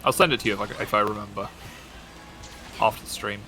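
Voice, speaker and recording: Bright-voiced man in rambling gaming chat. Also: fairly low pitch, steady tone, fast, faint music behind. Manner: rambling, self-interrupting, joking. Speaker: streamer.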